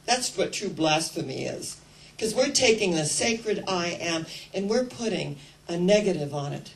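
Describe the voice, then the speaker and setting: An older woman preaching a sermon, telling stories expressively and leading listeners in deep breaths. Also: a little slow, vocal fry, rough recording. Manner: storytelling, expressive, leads congregation in breathing. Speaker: minister.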